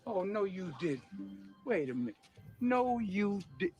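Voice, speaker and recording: An actor playing a furious, domineering corrupt male cop who rants and shouts threats, heard in a film clip. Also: high voice, sing-song, unhurried, breathy edge, faint music behind, heavily acted.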